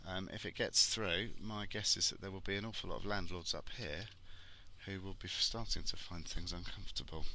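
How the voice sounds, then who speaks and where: A man's voice: deep voice, moderate pace, pushed and bright, slight background noise, low-quality recording. A man who is a property expert, giving blunt, sarcastic vlog commentary while driving a car. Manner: blunt and sarcastic, swears freely.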